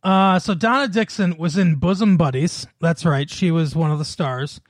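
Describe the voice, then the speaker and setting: A man's voice: fairly high pitch, moderate pace, no room sound, clean studio sound. A man co-hosting a podcast in casual chat, laughing often and rattling off lists. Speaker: podcast co-host.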